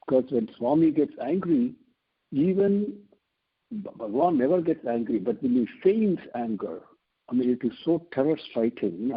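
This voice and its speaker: A man giving an earnest devotional talk on scripture, explaining slowly and repeating phrases for emphasis, heard over a telephone line. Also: mid-range voice, breathy edge. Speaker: spiritual teacher.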